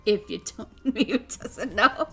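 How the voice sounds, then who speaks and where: A woman streamer chatting casually, telling a story in an excitable way, laughing often and acting out what people said. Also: mid-range voice, slow, husky, soft background music. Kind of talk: casual chat.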